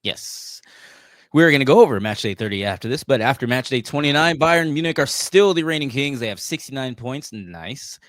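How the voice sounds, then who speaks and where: A man's voice: medium pitch, animated, moderate pace, no echo, clean studio sound. An American man co-hosting a soccer podcast, jokey and giggly, often tripping over his words. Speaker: podcast co-host. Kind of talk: casual soccer podcast chat.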